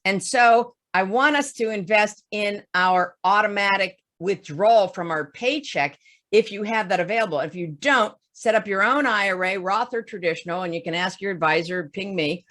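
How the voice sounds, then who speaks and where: A woman financial advisor giving a webinar talk, explaining investing with lively stories and everyday examples. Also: medium pitch, normal speed. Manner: animated storytelling with folksy examples.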